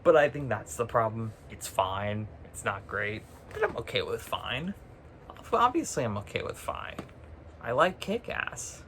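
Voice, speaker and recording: Speaking in an unhurried, sing-song way, this man's medium, slightly bright voice carries a sarcastic rant delivered straight to camera. The vlogger swears a lot and keeps breaking into laughter mid-sentence. His phone recording has faint background noise.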